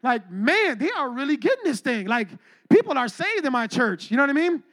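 A male pastor delivers a sermon in an energetic, casual storytelling style, full of slang and direct questions to the congregation. His voice sits strikingly high for a man. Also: a little fast.

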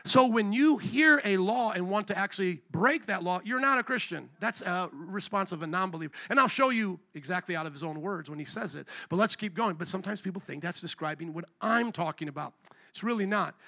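High-voiced, bright man preaching. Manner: animated preaching, quotes voices and scripture. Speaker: pastor. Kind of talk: sermon.

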